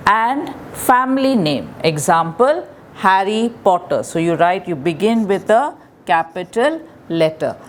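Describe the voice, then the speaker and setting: A woman's voice: medium pitch, a little hiss or hum. A woman teaching a primary school English grammar lesson with an Indian English accent, patiently repeating the rules step by step. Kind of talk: slow classroom grammar lesson.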